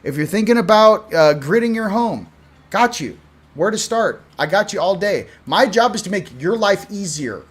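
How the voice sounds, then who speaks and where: A man from Southern California hosting a spiritual channel, talking casually to camera, animated and laughing, swinging from hushed to loud. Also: high-pitched, normal speed. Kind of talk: casual direct-to-camera talk.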